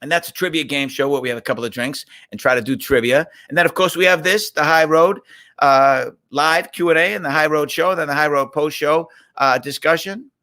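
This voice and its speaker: A man's voice: fairly high pitch, a little fast, bright, forceful tone. A middle-aged man from Boston hosting a casual live Q&A stream on a webcam, reading out viewer questions and rambling into stories. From Boston, USA.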